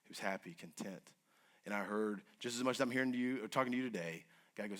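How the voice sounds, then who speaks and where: A man with a lowish voice tells a personal story to a crowd at a quick clip. He talks earnestly and intensely, dropping to a hush and then pressing forward with urgency. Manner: earnest and intense, swinging between hushed and urgent. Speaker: guest speaker. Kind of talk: emotional personal storytelling to an audience.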